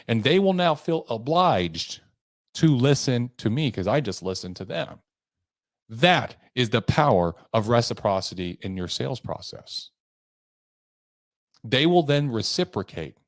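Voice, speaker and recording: A man's voice: medium pitch, no room sound, studio quality. A man hosting his own podcast, coaching listeners on sales in an emphatic, motivational way, shifting pace and tone for effect. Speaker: podcast host and sales trainer. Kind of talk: motivational solo podcast talk.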